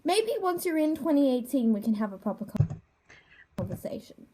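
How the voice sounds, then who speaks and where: A woman reading a comedy roast aloud in a stilted, over-enunciated way, with slow, awkward pauses. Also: high-pitched, sing-song, dark tone, slight background noise. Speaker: younger self in an old video clip.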